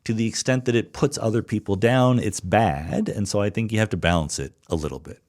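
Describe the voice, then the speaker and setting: A man's voice: on the low side, fairly quick, a little mellow. An American man hosting a podcast, answering listener questions alone in a thoughtful, explanatory way and thinking aloud with small restarts. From United States, Philadelphia suburbs. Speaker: podcast host. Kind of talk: solo listener Q&A monologue.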